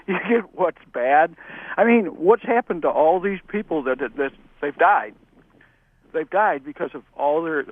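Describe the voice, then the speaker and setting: A man's voice: on the high side, no room sound. A man from Missouri calling into a radio show, rambling and indignant as he asks his question. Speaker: caller. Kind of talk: call-in question. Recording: tinny phone line.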